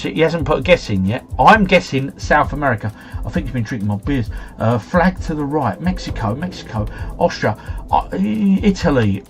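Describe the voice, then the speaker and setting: A man streaming live, thinking aloud in an excitable, chatty way and muttering as he reads out clues. His voice sits a little high and swings about a lot. Soft music plays faintly behind him. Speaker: livestream host.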